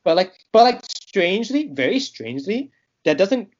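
A man from Texas, a podcast guest, talking in casual chat with an animated, ranting delivery in quick bursts. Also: high-pitched, lo-fi sound. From Texas, United States.

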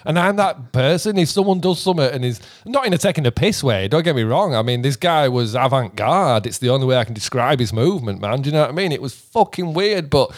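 A man's voice: mid-range voice, animated, quick pace, hardly any pauses, no room sound, studio quality. A man telling rambling stories in casual chat, swearing freely and laughing often. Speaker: podcast guest musician.

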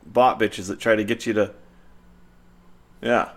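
A man co-hosting a podcast in casual chat, an animated storyteller who swears freely. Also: on the low side, unhurried. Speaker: podcast co-host.

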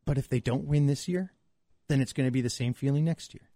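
A man's voice: mid-range voice, a little fast, dark tone, no echo. A man from Montreal co-hosting a casual sports chat, wry and teasing. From Montreal, Canada. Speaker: podcast co-host.

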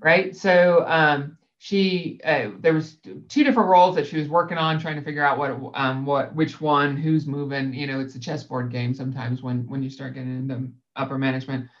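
A sales director appears as a guest in a casual conversation, rambling through a work story with lots of fillers and laughing easily. Their mid-range voice is flat, at normal speed with few pauses. The highs in the audio are cut off.

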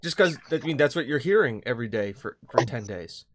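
Rambling American podcast host. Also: male voice, mid-range voice, fairly quick, slight background noise. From United States. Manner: rambling, animated, swears often, slips into parody voices. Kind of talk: casual chat.

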